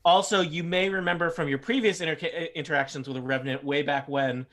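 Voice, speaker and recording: A man acting as game master runs a tabletop game, joking around and making fun of himself. He talks fast in a slightly high, fairly bright voice with a steady tone.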